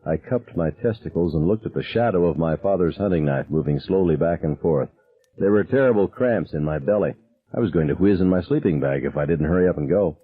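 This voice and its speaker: Deep, husky male audiobook narrator. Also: expressive, brisk. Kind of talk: first-person novel reading. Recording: tinny, phone-like narrow sound.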